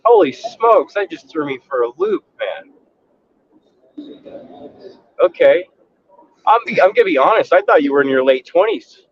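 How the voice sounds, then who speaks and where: A man's voice: fairly high pitch, wildly swooping pitch, a little slow, vocal fry, long pauses, a little hiss or hum. A man joking around and teasing his friend during a live stream chat. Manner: teasing, incredulous. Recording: dull lo-fi recording.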